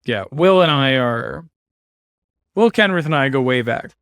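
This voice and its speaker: A man's voice: mid-range voice, lively intonation, measured pace, fairly bright tone, clean tone, no echo, studio quality. A man streaming a card game, giving casual commentary with wry, sarcastic asides.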